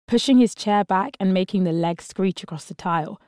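A woman narrating a story in a calm, steady reading voice. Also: medium pitch, fairly quick, hardly any pauses, no echo, studio quality.

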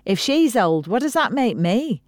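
A woman's voice: a little high, sing-song, measured pace, dry recording, voice pushed up. An indignant, bantering mum, as a woman reader plays her, her voice raised above the narrator's own. She bickers back with mock outrage, read close and dry. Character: middle-aged mother, quick to bicker back.

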